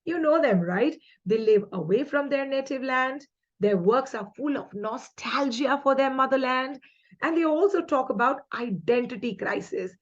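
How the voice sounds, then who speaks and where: A woman's voice: high-pitched, expressive, moderate pace, lo-fi sound. A woman with an Indian English accent running a quiz-style exam-prep lesson, chatty and upbeat, mixing in Hindi asides.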